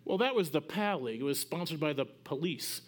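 A middle-aged man preaching a sermon as pastor, conversational and animated, building to emphatic peaks. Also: on the high side, brisk.

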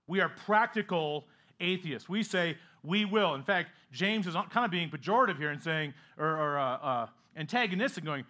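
A man's voice: on the high side, lively intonation, moderate pace, bright, forceful tone. A man preaching a sermon as pastor, earnest, often asking rhetorical questions and acting out quoted speech with sarcastic emphasis.

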